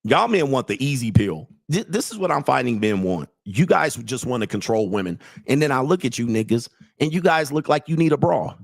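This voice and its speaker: A blunt, crude man in his late forties riffs and reads chat on his livestream, mocking his listeners and laughing at his own jokes. His voice sits at an ordinary middle pitch. The sound is dry and close, with no room around it. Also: lively intonation, a little fast, vocal fry, few pauses, no room sound. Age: 40s. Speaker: host and dating coach. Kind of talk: livestream commentary reading chat.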